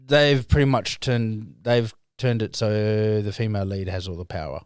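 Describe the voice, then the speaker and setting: A man's voice: on the low side, fairly even intonation, normal speed, clear, resonant tone, dry recording, clean studio sound. A young man co-hosting a podcast in casual chat, blunt and sarcastic, swearing often. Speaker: podcast co-host.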